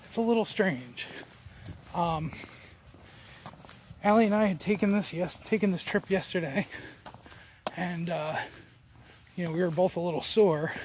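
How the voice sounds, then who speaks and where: A man's voice: high voice, a little mellow, a little hiss or hum. A man from New Jersey talking to his camera as he walks outdoors, rambling with many fillers and restarts. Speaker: vlogger. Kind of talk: walking vlog talking to camera. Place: outdoors on a walk. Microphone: handheld camera while walking.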